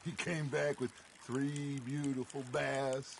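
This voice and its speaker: An actor playing a middle-aged male outlaw who teases a friend with an old story, in a gravelly voice. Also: medium pitch, flat delivery, slow, a little hiss or hum. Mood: teasing. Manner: teasing, tells anecdotes with relish. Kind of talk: video game dialogue.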